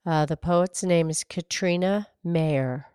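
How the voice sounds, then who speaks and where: A woman voicing a gentle, low-voiced podcast co-host who speaks softly and slowly. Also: smooth, no echo, clean studio sound. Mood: calm. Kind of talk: casual chat.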